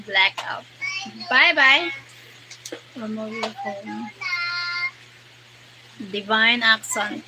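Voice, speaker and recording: A young Filipino-accented woman hosts a casual live stream, reading out viewer names and thanking them one by one. Her voice sits a little high and she talks slowly, slipping between Tagalog and English. Steady background noise runs under the whole recording. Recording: noisy background.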